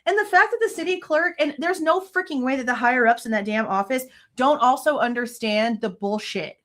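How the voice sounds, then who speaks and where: A woman in her thirties with a slightly high voice hosts a true crime livestream. She vents angrily and swears often, talking in a casual, heated way to her viewers. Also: fairly quick, a bit bright. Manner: angry, venting, frequent swearing.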